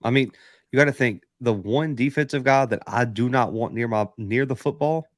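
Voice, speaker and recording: A man's voice: mid-range voice, moderate pace, dry recording, clean studio sound. A man co-hosting a sports podcast, making emphatic points about players and play-calling in repeated phrases. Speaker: podcast co-host. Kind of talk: casual sports analysis.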